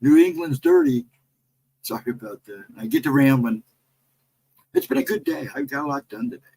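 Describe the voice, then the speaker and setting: A middle-aged American man tells a story on his casual livestream and rambles from one detail to the next. His voice is husky, and his pitch swings up and down a lot as he gets animated. He stops now and then to greet people in the chat. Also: a little fast, poor audio. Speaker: livestream host.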